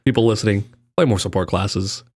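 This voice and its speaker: A man's voice: on the low side, fairly quick, a little mellow, slightly rough. Blunt, emphatic male podcast co-host. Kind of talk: casual chat.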